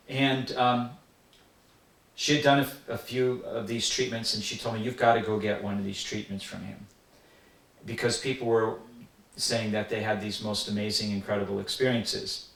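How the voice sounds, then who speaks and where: A man's voice: on the low side, gravelly, fairly bright tone. Older man, earnest reminiscence, roomy distant sound. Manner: earnest, reflective storytelling. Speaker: interviewee recalling a spiritual teacher. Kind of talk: personal reminiscence.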